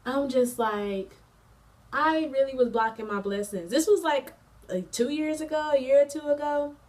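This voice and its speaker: A woman's voice: high voice, moderate pace, recorded from a distance. A young woman in her twenties, a college student, telling a casual storytime vlog with lots of fillers, slang and bursts of laughter. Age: 20s. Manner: chatty, slangy, frequent fillers; animated, laughs mid-story.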